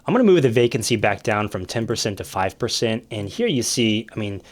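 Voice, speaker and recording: Low-voiced man walking through rental numbers. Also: animated, a little fast. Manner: conversational, many fillers and restarts, thinking aloud over numbers. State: coughing now and then. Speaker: realtor explaining rental investing. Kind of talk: casual screen-share explainer.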